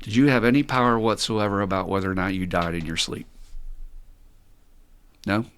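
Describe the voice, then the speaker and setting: A man's voice: on the low side, moderate pace, slight background noise. Older man telling stories with laughter. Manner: animated joke-telling, laughs often. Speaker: podcast co-host in recovery. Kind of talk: casual storytelling talk.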